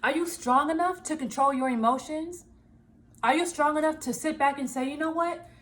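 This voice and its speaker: High-voiced woman vlogger, animated and laughing. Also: moderate pace. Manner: animated, laughing, acts out her own inner voice. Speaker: small business owner and vlogger. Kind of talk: casual self-help talk to camera.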